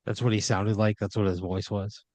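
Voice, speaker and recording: A man's voice: lowish voice, flat delivery, normal speed, darkish tone, dry recording. A man improvising a second-person story as a podcast storyteller, rambling with uhs and restarts.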